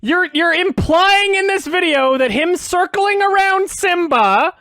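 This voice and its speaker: A man hosting a reaction video, ranting in an exasperated, sweary way, swinging between loud outbursts and low sarcastic muttering. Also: animated, unhurried, no room sound, clean studio sound. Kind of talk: ranting commentary.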